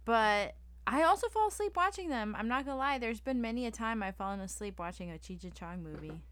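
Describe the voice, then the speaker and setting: A woman's voice: on the high side, lively intonation, fairly quick, fairly bright tone, no room sound. A young adult woman co-hosting a podcast in casual chat, enthusiastic and casual, swearing now and then. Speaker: podcast co-host.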